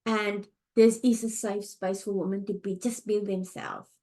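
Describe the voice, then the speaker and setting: A middle-aged woman hosting a podcast, talking in a heartfelt, halting way, tired and close to tears. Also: mid-range voice, little pitch movement. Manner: heartfelt, halting, with restarts and soft fillers. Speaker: podcast host. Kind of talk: emotional personal monologue. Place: home, early morning.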